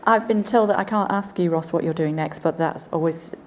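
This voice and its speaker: A woman moderating a panel who speaks quickly. She is brisk and direct, moving the talk along with questions. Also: fairly low pitch, a little hiss or hum.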